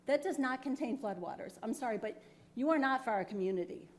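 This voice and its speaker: A woman's voice: a little high, lively intonation, brisk. A woman resident from New York, making an emotional public comment at a town board meeting, apologetic but insistent, at a podium microphone.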